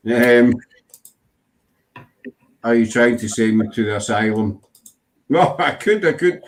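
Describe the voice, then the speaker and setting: A man's voice: mid-range voice, animated, slow pace, long pauses. A Scottish man hosting a casual chat, joking and bantering and laughing often. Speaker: host.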